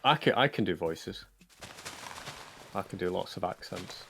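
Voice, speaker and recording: A man's voice: low-pitched, expressive, a little slow, creaky, fairly bright tone, a little hiss or hum. An English man chatting casually on a livestream, rambling and correcting himself as he goes. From England. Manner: rambling, self-correcting, jokey. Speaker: Minecraft map maker and voice actor.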